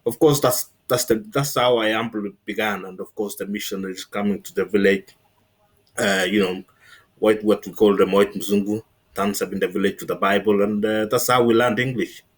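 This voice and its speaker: A middle-aged man from Kenya talking as an interview guest, telling stories in a relaxed way with many fillers. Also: fairly low pitch, normal speed. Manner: relaxed storytelling with frequent fillers and laughs. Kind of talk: casual interview chat.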